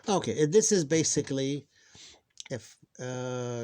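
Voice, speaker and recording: A man teaching an informal recorded lesson on reading, patiently repeating words slowly and often correcting himself, sounding tired. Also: mid-range voice, expressive, darkish tone.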